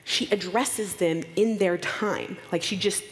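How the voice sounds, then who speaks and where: A woman from Oklahoma with an American accent gives a conference talk, telling stories in an animated way and acting out the people she quotes in playful voices. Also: medium pitch, unhurried, faint music behind. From Oklahoma, United States. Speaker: conference speaker. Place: conference hall. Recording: long hall reverb.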